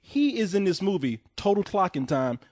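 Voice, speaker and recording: A man's voice: high-pitched, big pitch swings, normal speed, darkish tone, no room sound, studio quality. A man joking and giggling through casual, profane film review banter. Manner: jokey, giggling, emphatic.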